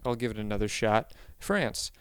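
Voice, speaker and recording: A man rambles through a comedic monologue in a very smooth, resonant voice, stopping often to correct himself and slipping in deadpan asides. The sound is close and dry, with no room around it. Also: medium pitch, a little slow, no room sound.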